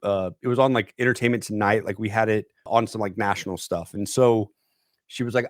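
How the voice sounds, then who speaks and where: A man's voice: on the low side, fairly even intonation, brisk, no echo, clean studio sound. A young man guesting on a podcast, telling a rambling story and leaning on "like" and "dude". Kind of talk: casual storytelling chat. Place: podcast studio.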